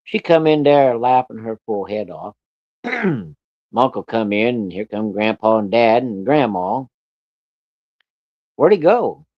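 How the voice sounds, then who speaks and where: A man's voice: on the low side, expressive, a little slow, no echo, highs cut off. A man telling a story from his childhood in a casual, folksy way, with colloquial country grammar and plenty of cursing.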